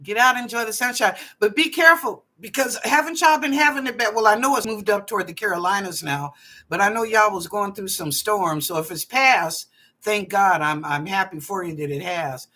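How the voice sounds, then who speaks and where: A woman hosting live online psychic readings from her apartment, animated and playful, drawing out phrases with chatty asides. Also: medium pitch, moderate pace. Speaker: psychic reader and show host. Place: apartment at home.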